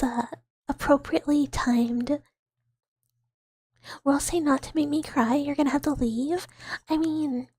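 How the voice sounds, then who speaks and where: High, slow-spoken woman hosting a live ASMR stream; playful, giggly, dipping into whispers. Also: no room sound. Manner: giggly and playful, slipping between soft speech and whispers.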